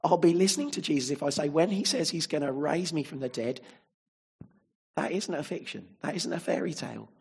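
A man's voice: a little high, animated, fairly quick, gravelly, slightly rough. A man preaching a sermon, emphatic and fond of rhetorical tag questions.

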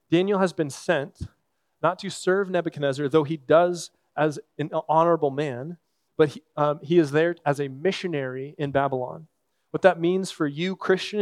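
A man preaching a sermon as a pastor, earnest and conversational, with thoughtful pauses. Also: fairly high pitch, no room sound.

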